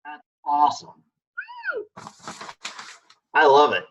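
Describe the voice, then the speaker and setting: A man's voice: on the high side, slow pace, highs cut off, a little hiss or hum. A man co-hosting a casual talk show, encouraging and steering the conversation. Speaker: co-host. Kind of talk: casual chat.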